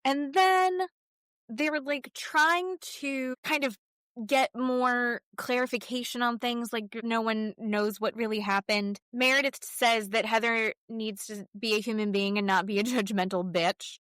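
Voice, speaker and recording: A woman's voice: a little high, steady tone, unhurried, fairly bright tone, clean tone, dry recording, clean studio sound. A woman co-hosting a podcast, recapping reality TV in casual chat, blunt and profane, acting out what the cast members said. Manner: blunt, swears freely, acts out quotes. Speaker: podcast co-host.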